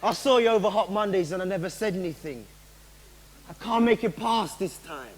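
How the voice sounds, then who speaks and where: A man's voice: high-pitched, fairly quick, in a large hall, noisy background, close to an everyday voice. A man playing a cocky Jamaican flirt. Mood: flirty. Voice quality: smooth, flirtatious. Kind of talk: live stage comedy.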